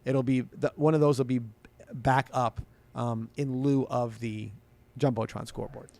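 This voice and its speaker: Male sports talk host, rambling, restarts sentences, medium pitch, dry studio sound. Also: steady tone, normal speed, vocal fry, a little mellow, no echo. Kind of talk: casual sports talk show chat.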